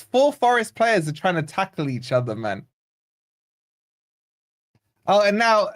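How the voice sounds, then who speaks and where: Blunt, exasperated man. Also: fairly high pitch. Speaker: fan channel host. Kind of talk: live football watch-along commentary.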